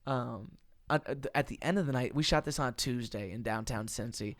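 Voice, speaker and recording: A man, hosting a casual podcast chat and telling stories with lively acted-out quotes and frequent laughs. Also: medium pitch, a little fast, no echo. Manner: animated storyteller, acts out quotes, laughs often. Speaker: podcast host, musician.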